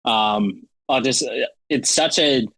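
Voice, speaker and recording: An easygoing man talking as a podcast guest, relaxed and quick to laugh, his answers padded with ums and "you know." His voice is mid-pitched and recorded dry. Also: no echo, low-quality recording. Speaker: bobsledder guest. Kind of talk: casual interview chat.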